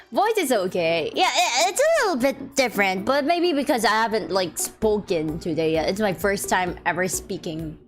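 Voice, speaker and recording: A young woman streaming a game, chatting playfully, giggling often and reading game text aloud, her voice a little deep from just waking up. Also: big pitch swings, a little slow. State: slightly deep morning voice. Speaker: VTuber streamer. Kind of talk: casual live-stream chat. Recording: faint music behind.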